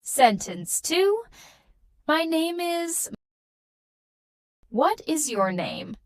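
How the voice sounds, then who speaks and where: A young woman teaching a beginner English lesson with slow, clear and encouraging delivery. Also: very high voice, big pitch swings, no echo.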